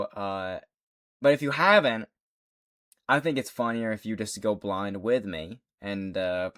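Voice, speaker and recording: A man's voice: on the low side, fairly bright tone. A man giving casual commentary on a video, rambling and correcting himself with a wry edge. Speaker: video creator.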